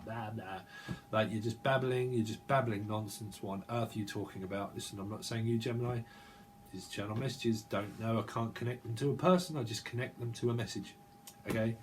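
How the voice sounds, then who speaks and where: Guy doing a tarot reading, bit low-voiced, rambles and repeats words over and over. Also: slight background noise. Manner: repeats words in long chanted strings. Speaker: tarot reader.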